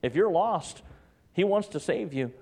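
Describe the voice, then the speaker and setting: A man preaching a sermon as pastor, swinging between loud emphatic peaks and hushed, tender drops. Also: high voice, expressive, measured pace. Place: church.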